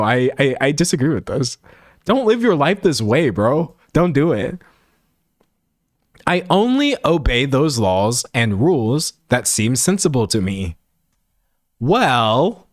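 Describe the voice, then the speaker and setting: A man chatting casually on a livestream, animated and laughing often. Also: medium pitch, no echo, studio quality. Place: home streaming setup in front of a pink backdrop.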